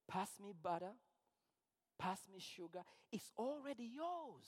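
A man's voice: extremely high pitch, expressive, slow pace. A man preaching a sermon as pastor, emphatic and repetitive, with rising fervor. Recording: long hall reverb.

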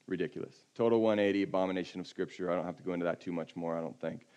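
A man preaching a sermon in a conversational way. He often drops to a low, quiet voice for emphasis. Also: little pitch movement, fast, clear, resonant tone, muffled recording. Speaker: pastor.

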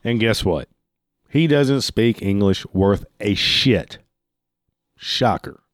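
Guy with a lowish voice telling a story, swears a lot, dry close sound. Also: lively intonation, slow pace, no room sound. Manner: profane, heated, swears freely. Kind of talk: casual storytelling.

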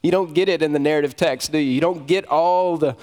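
Guy preaching a sermon, kinda high voice, long hall echo, keeps asking the crowd questions. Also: fairly quick, a little mellow. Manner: conversational preaching with rhetorical questions. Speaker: pastor.

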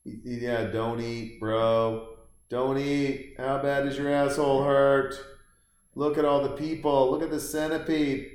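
A man's voice: mid-range voice, steady tone, normal speed. A man hosting a podcast from his house, rambling through casual, sarcastic commentary as he reacts aloud to a movie. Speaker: podcast host. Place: room in a house. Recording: roomy echo.

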